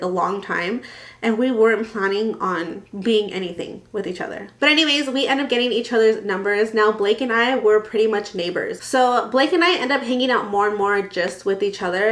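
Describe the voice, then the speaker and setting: A woman in her twenties telling a dramatic storytime vlog, animated and full of swearing. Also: medium pitch. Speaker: vlogger. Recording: echoey room.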